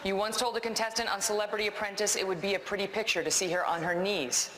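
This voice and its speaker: A debate moderator asks measured, pointed questions in a formal broadcast style. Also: medium pitch, steady tone. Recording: archived broadcast debate audio with a loud crowd. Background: loud audience and hall noise.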